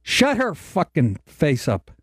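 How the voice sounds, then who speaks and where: A man's voice: a little high, wildly swooping pitch, slow pace, husky, dry recording, clean studio sound. A middle-aged man hosting a talk show, ranting in a profane, sarcastic and exasperated way. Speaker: host.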